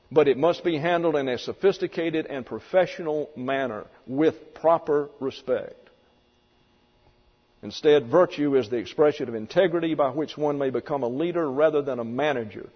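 A man preaching a sermon, explaining doctrine in an emphatic, methodical way and often linking points with "and therefore.". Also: fairly high pitch. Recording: dull lo-fi recording with long hall reverb.

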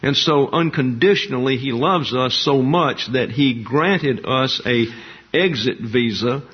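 A man preaching a doctrinal sermon in a measured, emphatic way, listing terms one by one. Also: medium pitch, husky. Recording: dull lo-fi sound.

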